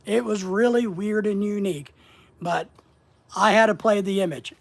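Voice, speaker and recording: A man's voice: sits high, normal speed, gravelly. Plainspoken man with a slight Southern accent. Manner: rambling, plainspoken, conversational. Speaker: online business coach. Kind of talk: casual livestream lesson.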